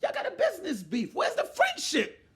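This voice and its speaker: High, animated man ranting loudly. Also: moderate pace. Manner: loud, exasperated, often shouting, mock-quoting others. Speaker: commentary vlogger. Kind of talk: animated rant commentary.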